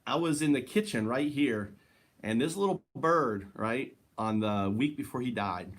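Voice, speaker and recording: A man talks on camera from inside his home in a loose, wandering monologue. He chuckles between thoughts and keeps checking in with the viewer with "right?" His voice sits at an ordinary middle pitch. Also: lively intonation, unhurried. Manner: laughs often, tags lines with "right?". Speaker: vlogger. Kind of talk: rambling casual monologue. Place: his own house, indoors. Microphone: handheld camera.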